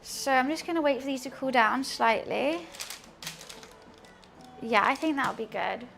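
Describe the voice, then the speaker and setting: A woman's voice: high-pitched, unhurried, vocal fry, a bit bright, faint music behind. A young woman, chatting casually and giggling as she answers her live-stream chat while cooking in her home kitchen.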